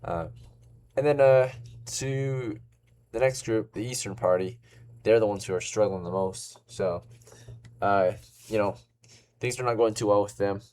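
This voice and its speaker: Low-voiced man running a tabletop game. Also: a little slow, pauses often, a little mellow, slight background noise. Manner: casual, filler-heavy narration. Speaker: game master.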